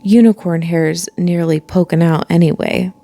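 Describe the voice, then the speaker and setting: A woman's voice: fairly low pitch, fairly even intonation, moderate pace, vocal fry, mellow, dry recording. A woman voicing a chatty, cheeky young wizard boy in an offhand, grumbling way for a storybook read-aloud.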